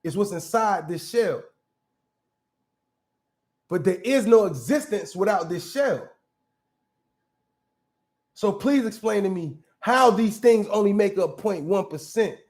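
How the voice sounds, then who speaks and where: A man with a high-pitched voice hosts a casual reaction commentary. He argues bluntly and with plenty of profanity, doubling back and restarting his sentences as he works through each point. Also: expressive, slow, pauses often, a little mellow. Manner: blunt, profane, argumentative, restarts mid-thought. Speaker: commentary show host.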